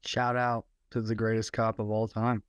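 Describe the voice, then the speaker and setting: A man co-hosting a podcast, reacting with quick comments to a story. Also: fairly low pitch, completely flat delivery, smooth, no echo. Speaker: podcast co-host. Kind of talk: casual chat.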